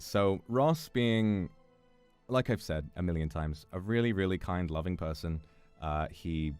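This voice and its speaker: A man's voice: on the low side, darkish tone. A young British man telling a story in a casual chat, often swearing and laughing as he goes. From Britain. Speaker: streamer.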